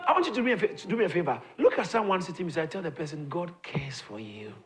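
A man preaching a sermon, repeating his lines emphatically, building to shouts, and calling on the congregation to answer. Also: high voice, sing-song, racing. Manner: calls on the congregation to respond. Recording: echoey room with crowd audible. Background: congregation responding.

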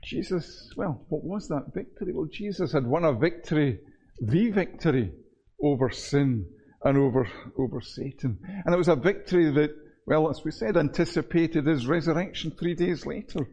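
Earnest preaching man, mellow voice. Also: on the high side, slightly rough, lo-fi sound. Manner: earnest, measured preaching with repetitions. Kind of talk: sermon.

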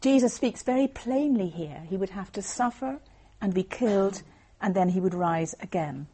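A woman giving an earnest, measured Christian talk to a group, explaining Bible passages as she reads. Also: mid-range voice, lively intonation, warm tone, breathy edge. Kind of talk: evangelistic talk with Bible reading.

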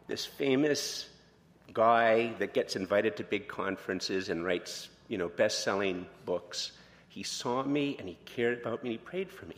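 In a church sanctuary with a long reverb tail, a male pastor with a low, slightly bright voice preaches at an unhurried pace. His sermon is conversational and candid, built on personal stories and peppered with fillers and false starts.

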